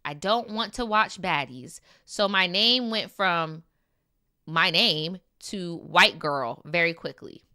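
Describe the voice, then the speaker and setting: Woman reading fan stories on stream, chatty and slangy, smooth clear voice. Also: on the low side. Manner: animated, slangy, quick reactions with laughs. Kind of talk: casual chat and story reading. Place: lives in New York.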